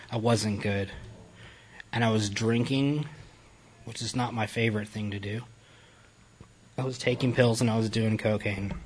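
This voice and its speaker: A man's voice: lowish voice, slightly rough. Blunt, foul-mouthed man sharing his story. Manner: profane, blunt and self-mocking. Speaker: recovery speaker addressing a group. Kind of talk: candid personal testimony talk.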